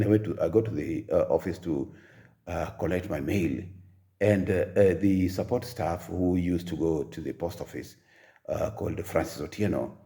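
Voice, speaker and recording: Gravelly, deep-voiced older Kenyan man. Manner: halting, soft-spoken, full of pauses and fillers. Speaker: storyteller. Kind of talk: personal life story.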